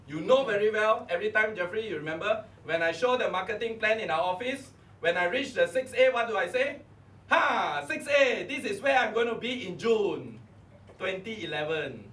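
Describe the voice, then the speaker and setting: A man's voice: sits high, fairly bright tone, far from the mic. A middle-aged man with a Malaysian English accent, coaching a live audience at a motivational seminar and firing rhetorical questions at them. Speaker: network marketing coach. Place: meeting room before a live audience. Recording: echoey room, voice off-mic, faint hum.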